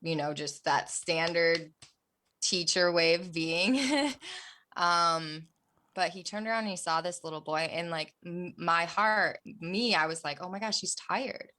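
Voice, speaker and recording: A woman's voice: lowish voice, unhurried. A young adult woman, a podcast guest, telling a personal story in an earnest, emotional way, dropping almost to a whisper at the hardest parts. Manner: earnest, emotional, softens to near-whispers at hard moments.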